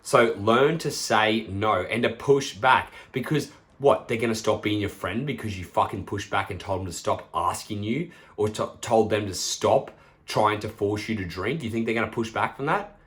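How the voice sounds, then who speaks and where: A man's voice: fairly low pitch, moderate pace, fairly bright tone. A young man hosting a casual solo podcast as a personal trainer, talking bluntly and swearing freely. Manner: blunt, swears freely, acts out friends' lines.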